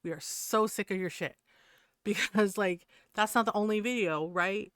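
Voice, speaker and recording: A woman's voice: medium pitch, moderate pace, a bit bright, clear, resonant tone, no echo, studio quality. A woman streamer ranting to her chat in a heated, profane way, laughing between points. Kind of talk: casual rant to stream chat.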